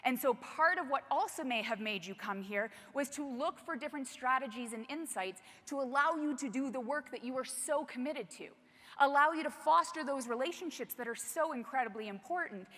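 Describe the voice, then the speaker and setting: A woman giving a motivational keynote talk to a live audience, animated and often asking the room rhetorical questions. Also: high voice, brisk, big-room sound. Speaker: keynote speaker.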